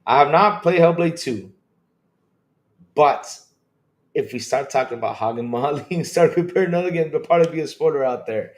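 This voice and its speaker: Male gaming streamer, excitable and chatty, slightly higher voice. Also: fairly quick. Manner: excitable, repetitive, laughing. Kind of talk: live stream chat with viewers.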